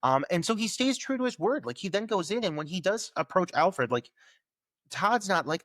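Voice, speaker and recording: Guy on a movie podcast breaking down characters, bit high voice, dry sound. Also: very animated, moderate pace, fairly bright tone, dry recording. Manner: analytical, loose and conversational, swears casually. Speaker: podcast co-host. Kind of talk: casual film review chat.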